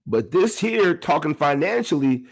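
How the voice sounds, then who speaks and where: Animated man hosting his own podcast. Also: on the high side, a little slow, vocal fry. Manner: animated, laughs often, talks straight to the audience. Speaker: podcast host. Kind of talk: casual motivational monologue.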